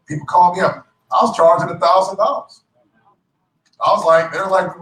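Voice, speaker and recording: Man, joking motivational speaker, bright forceful voice, echoey hall, heard from a distance. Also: on the high side, a little fast. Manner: lively, joking, self-described clown. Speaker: speaker at a business event. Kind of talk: motivational talk to a live audience. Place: event hall with audience.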